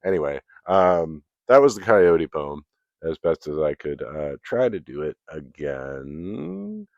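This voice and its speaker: A man hosting his podcast alone, talking casually in a relaxed, self-deprecating way and then reading his own essay aloud. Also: a bass voice, takes it slowly, dry recording. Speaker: podcast host. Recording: dull, dry recording.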